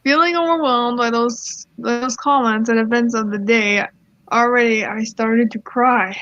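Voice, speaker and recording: A woman's voice: fairly high pitch, fairly even intonation, measured pace, fairly bright tone, no echo. A woman casually reading a Reddit story aloud, stumbling over words and giggling as she goes. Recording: slightly muffled, dry sound.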